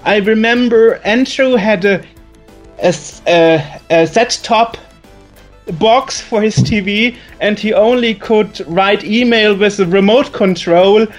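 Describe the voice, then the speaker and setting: A man with a German accent speaks with a high voice as a guest. He reminisces in a chatty, storytelling way and stumbles over words now and then. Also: slow pace, soft background music. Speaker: guest, magazine editor. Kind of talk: casual reminiscing.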